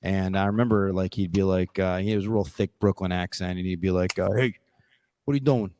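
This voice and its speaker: Male podcast host, low register, earnest rambling storyteller, dry studio sound. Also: little pitch movement, fairly quick, darkish tone, clear, resonant tone, dry recording. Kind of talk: casual storytelling.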